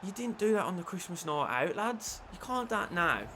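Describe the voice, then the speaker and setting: A man commentating on his own football video game play, shifting between low muttering and shouted excitement. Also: normal speed, a little hiss or hum. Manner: lively, swings from low mutters to shouted celebrations. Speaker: gaming YouTuber.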